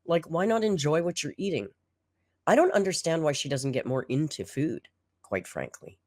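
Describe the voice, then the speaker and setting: Sarcastic commentator with a lively, dry voice. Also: mid-range voice, normal speed, no echo. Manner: sarcastic, exasperated, blunt. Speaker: commentary channel host. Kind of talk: reaction commentary.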